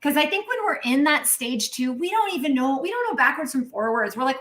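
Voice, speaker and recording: A middle-aged woman, a naturopathic doctor, talking casually and animatedly in a live Q&A, with lots of "um" and "right?", now and then clearing her throat. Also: sits high, a little fast, hardly any pauses. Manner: chatty and animated, acts out inner voices; frequent "um" and "right?" tags.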